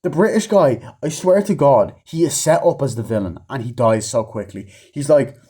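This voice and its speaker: A man's voice: medium pitch, moderate pace, mellow, husky. A man rambling through a casual, profane movie review, with offhand asides and many fillers.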